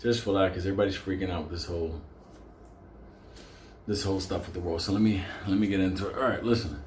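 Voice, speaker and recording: A man's voice: deep voice, fairly even intonation, fast talker, a little mellow. A man telling a profane, comedic story in a crude, rambling way, jumping into voices for the people in it. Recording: roomy sound with faint ambient noise.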